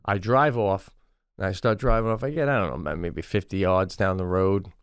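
A man co-hosting a podcast, telling a comic anecdote in an animated way and stumbling over his words as he goes. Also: sits low, moderate pace, clear, resonant tone, no room sound, clean studio sound. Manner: animated storyteller who stammers and restarts. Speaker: podcast co-host. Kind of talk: comedic anecdote.

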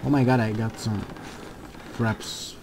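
A man hosting a let's play of a horror game, talking along excitedly, jumping at scares and swearing at them. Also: lowish voice, slow pace, background noise. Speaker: gaming channel host.

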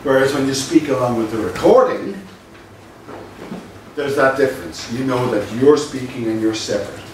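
A male lecturer giving a university lecture, measured and explanatory, stressing his key points. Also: medium pitch, expressive. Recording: very echoey room from a distant mic with faint noise.

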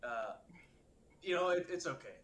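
A man playing his character in a tabletop game, friendly and hesitant, often pausing on fillers. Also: on the high side, animated, fairly bright tone. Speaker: player. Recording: echoey room with faint noise.

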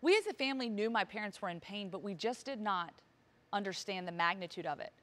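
A woman's voice: medium pitch, animated, fast, a bit bright. A woman in her thirties, a motivational speaker, telling a personal story on stage with vivid, emotional delivery and acted-out dialogue. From Virginia, US.

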